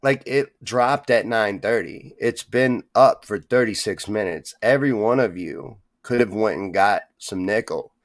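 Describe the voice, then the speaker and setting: Man, casual solo podcast rant, profane and rambling, lowish voice, dry close sound. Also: unhurried, hardly any pauses, no echo. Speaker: podcast host.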